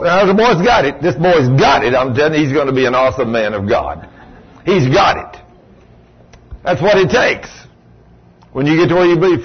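A man preaching a sermon in a folksy storytelling way, with sudden high exclamations. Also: slightly rough. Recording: dull lo-fi recording.

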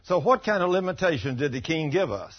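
A man's voice: on the high side, brisk, highs cut off. A man in his sixties preaching a folksy testimony sermon, telling stories and acting out the voices of the people in them. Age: 60s. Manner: animated storytelling, acting out quotes.

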